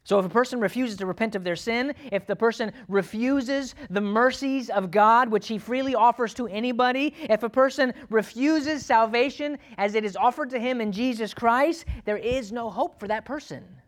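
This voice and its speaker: A male pastor preaching a sermon to his church, swinging from loud urgent pleading to quiet, low, earnest asides. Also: normal speed, hardly any pauses.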